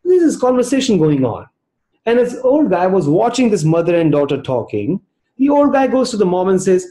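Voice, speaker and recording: A man giving a lively motivational training talk over a video call, telling stories and calling on participants by name. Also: high voice, brisk, reverberant. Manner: animated storytelling, addresses participants by name. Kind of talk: virtual training session talk.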